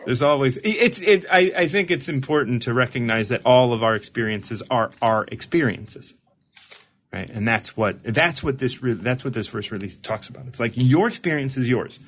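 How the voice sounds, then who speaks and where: Male recovery mentor, husky, conversational, reflective, stumbles and repeats as he explains. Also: mid-range voice, normal speed, fairly bright tone. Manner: repeats and restarts words while explaining. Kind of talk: casual reflective talk with a caller.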